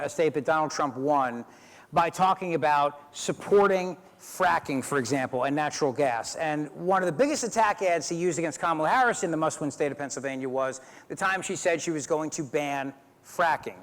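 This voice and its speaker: A man who is a radio host moderating a candidate forum, chatty and tossing in joking asides. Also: on the high side. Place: event hall. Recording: long hall reverb.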